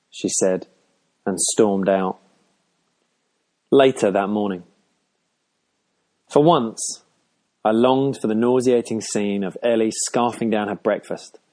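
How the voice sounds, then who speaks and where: A man narrating a first-person audiobook in a measured, dry way. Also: on the low side, mellow.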